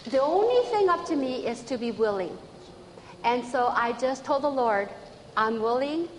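A woman training church members, telling stories with lively earnest enthusiasm. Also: high-pitched, moderate pace, big-room sound, slight background noise, rough recording. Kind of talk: storytelling talk to an audience.

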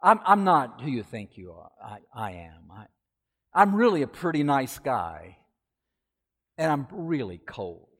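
A man's voice: mid-range voice, sing-song, unhurried, in a large hall. A man putting on a sly, coaxing snake. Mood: soothing. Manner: coaxing, stammering, wheedling. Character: sly soothing poisonous male snake.

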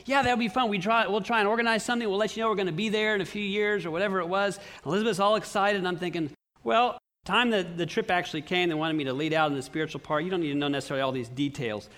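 A middle-aged pastor preaching a sermon in a church, telling stories in an earnest way with lively swings in his voice. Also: racing. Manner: earnest storytelling with animated swings in pitch.

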